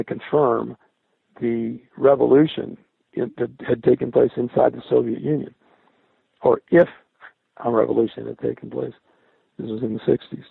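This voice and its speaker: An older man, a former military radio linguist, recalling his service in a halting interview style, often repeating and restarting words. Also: mid-range voice, gravelly, slightly rough, no room sound. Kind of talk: recollecting in an interview. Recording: dry, tinny phone-like sound.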